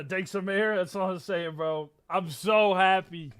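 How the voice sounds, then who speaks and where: Hyped, high-voiced young man yelling. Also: measured pace, smooth. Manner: yells and hypes, then talks to chat casually. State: losing his voice, hoarse. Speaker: streamer reacting to a football game. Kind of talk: excited live-stream reaction.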